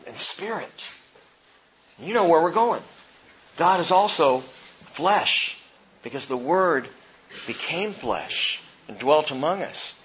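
A man preaching with a lively, rising and falling voice that is slightly raised in pitch. He keeps stopping to ask rhetorical questions. The recording sounds dull and lo-fi. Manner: animated, rhetorical questions, reading scripture aloud. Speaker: pastor. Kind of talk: sermon.

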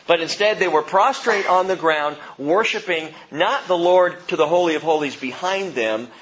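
A man preaching a Bible teaching sermon, reading expressively with loud emphasis and hushed drops. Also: sits high, lo-fi sound, slight background noise. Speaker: pastor.

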